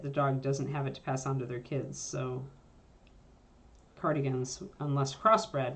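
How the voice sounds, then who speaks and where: Chatty woman livestream host, lowish voice. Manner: chatty, breaks off to coo at her dog in a soft high voice. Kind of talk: casual livestream chat.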